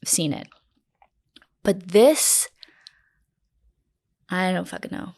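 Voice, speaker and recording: A woman's voice: lowish voice, expressive, slow, gravelly, darkish tone. A woman in her late twenties who hosts a true crime podcast and tells the story in a blunt, sarcastic way, swearing freely. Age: late 20s. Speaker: podcast host.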